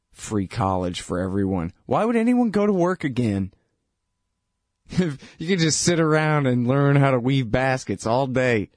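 A man's voice: medium pitch, no room sound, clean studio sound. Irreverent man riffing on politics. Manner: irreverent, sardonic, laughs at his own points; filler-heavy, says dude and man. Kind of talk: casual political commentary.

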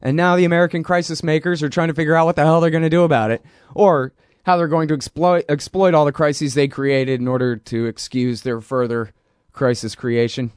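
A man's voice: fairly high pitch, fairly even intonation, fairly quick, smooth, dry recording, clean studio sound. A man hosting a political talk show, talking in a casual, rambling and sarcastic way. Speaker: radio show host.

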